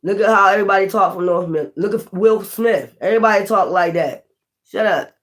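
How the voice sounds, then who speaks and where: A woman from North Philadelphia with a Philly accent, chatting bluntly and roughly on a tarot livestream, swearing freely. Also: medium pitch, brisk. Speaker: tarot reader. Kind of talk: casual livestream chat.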